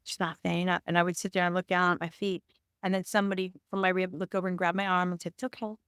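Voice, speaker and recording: A woman's voice: on the low side, level tone, rapid-fire, a bit bright, clean tone, no room sound, clean studio sound. A woman, an actor and producer, speaking as a podcast guest in an emphatic, candid storytelling style, with many restarts and reenacted quotes.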